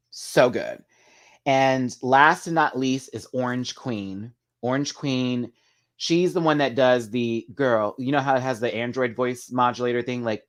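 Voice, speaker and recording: Male live-chat host, casual gossipy commentary, animated and talkative, ordinary mid-range voice. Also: measured pace. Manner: chatty, gossipy, big swings in pitch and loudness; addresses viewers as "girl" and "y'all". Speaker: livestream host.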